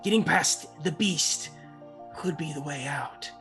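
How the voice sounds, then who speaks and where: Flick, a grumpy one-eyed male toy as a woman puts him on in a tabletop game, talks low and gruff with a gravelly rasp. He is blunt and wary. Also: unhurried, fairly bright tone, soft background music. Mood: grim.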